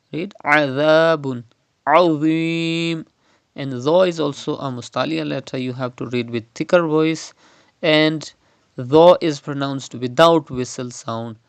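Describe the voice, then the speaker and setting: Guy teaching quran reading online, super slow, clean smooth voice, dry close mic. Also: medium pitch, no echo. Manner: slow, repeats words to model pronunciation. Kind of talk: step-by-step recitation lesson.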